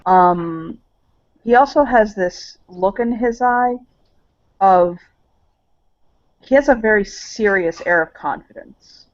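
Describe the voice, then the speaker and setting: A woman playing a tabletop game, describing her character in slow, detailed narration. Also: mid-range voice. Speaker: player. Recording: muffled lo-fi recording.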